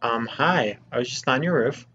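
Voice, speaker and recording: A man's voice: medium pitch, normal speed, sharp tone, muffled recording, faint music behind. A young man giving let's play commentary in a playful, jokey, mock-exasperated way. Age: young adult. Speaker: gamer.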